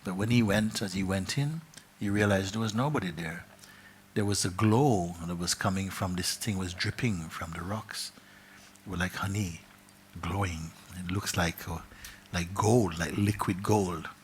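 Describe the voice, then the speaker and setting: A man telling a parable as a spiritual teacher, soft-spoken, often dropping to a whisper and repeating his phrases. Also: low voice, unhurried, a little hiss or hum. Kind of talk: storytelling in a spiritual gathering.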